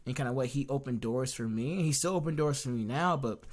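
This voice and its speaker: A man's voice: mid-range voice, fast talker. Earnest young man telling his story. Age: young adult. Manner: earnest, animated storytelling with lots of restarts. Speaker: podcast co-host. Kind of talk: casual faith podcast chat.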